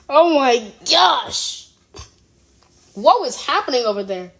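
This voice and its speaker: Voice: high voice, a bit bright. A young speaker at home, giving a casual reaction commentary, often giggling and exclaiming in surprise, rambling and correcting themselves. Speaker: reaction video creator. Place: room at home.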